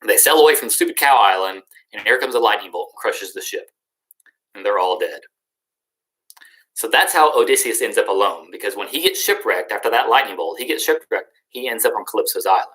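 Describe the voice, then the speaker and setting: A man's voice: lowish voice, expressive, brisk, a bit bright, poor audio. A young adult male teacher recapping a story in a recorded lesson, in a casual, slangy and joking way.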